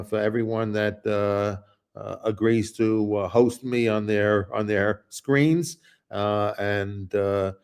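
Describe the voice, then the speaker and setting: Male host, lower voice, loose rambling delivery, blunt and crude. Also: darkish tone. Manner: rambling, many restarts and fillers; blunt and profane. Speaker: show host. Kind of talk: casual political talk.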